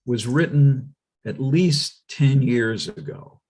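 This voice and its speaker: A man speaking as a guest on a political talk show, emphatic and animated, often restarting his sentences. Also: mid-range voice, slow.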